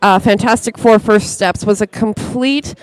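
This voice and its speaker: Deadpan guest with a smooth voice. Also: medium pitch, unhurried, no echo, rough recording. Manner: deadpan, with hesitant fillers. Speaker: interview guest. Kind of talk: mock-serious complaint. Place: outdoors outside a music venue.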